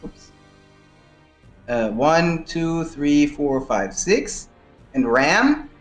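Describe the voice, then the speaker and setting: A man's voice: fairly high pitch, very animated, very slow, soft background music. A man playing a tabletop game, thinking aloud and counting out moves. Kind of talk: casual game talk. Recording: echoey room.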